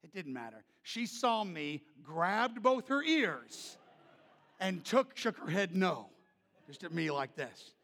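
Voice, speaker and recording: A male pastor telling a story in a sermon, loud and animated, then dropping to soft, gentle tones. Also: sits high, slow, big-room sound.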